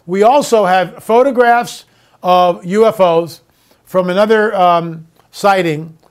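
Male host, high voice, emphatic and mocking monologue. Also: takes it slowly, clear, resonant tone. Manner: emphatic, mocking, drops to a hush for tense moments. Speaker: show host. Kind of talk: opinionated monologue and storytelling.

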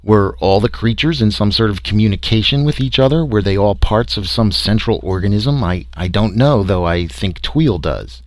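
A man with a lowish voice reads a first-person adventure tale aloud, keeping it wry and conversational, as if telling it to friends. The recording is close and very dry. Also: expressive, moderate pace, few pauses, dry recording. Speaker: audiobook narrator. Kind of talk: first-person story reading.

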